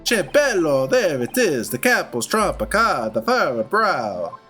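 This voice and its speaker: A man voicing an excitable young Italian nobleman sidekick with a put-on Italian accent. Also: a little high, takes it slowly, faint music behind, pitched above the performer's own voice, full character voice. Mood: flamboyant. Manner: flamboyant, exuberant.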